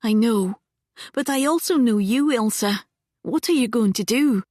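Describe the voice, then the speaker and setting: A woman's voice: fairly high pitch, lively intonation, unhurried, a little mellow, dry recording, clean studio sound, voice pushed up. A woman playing an eager, insistent young friend. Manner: insistent, breathless. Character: loyal young female friend, eager and pressing.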